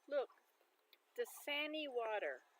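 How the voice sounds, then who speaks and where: A woman's voice: a little high, very animated, slow pace, fairly bright tone, low-quality recording. A woman hosting a casual livestream, chatting and musing aloud as she sounds out words. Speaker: livestream host.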